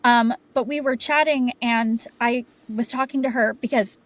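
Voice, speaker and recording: Halting, candid young woman telling a story. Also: on the high side, steady tone, no room sound, low-quality recording. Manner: halting, many filler words and restarts. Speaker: podcast guest. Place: home sound booth.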